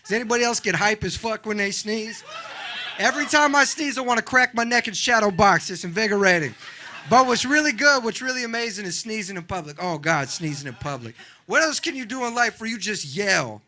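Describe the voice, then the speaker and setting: A young man doing a stand-up comedy set in a club, animated and acting out other people in loud voices. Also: high voice, brisk, slight background noise. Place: comedy club with a live audience.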